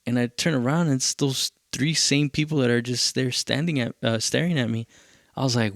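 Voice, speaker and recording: A man's voice: mid-range voice, little pitch movement, moderate pace, gravelly, no echo, clean studio sound. A male podcast host, telling a loose, profane story in a casual rambling way and dropping in Spanish phrases.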